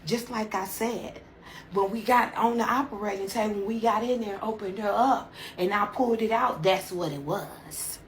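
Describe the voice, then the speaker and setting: A woman voicing a blunt female surgeon who speaks calmly and matter-of-factly. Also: medium pitch, normal speed, slight background noise, natural voice. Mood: firm. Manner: calm, matter-of-fact.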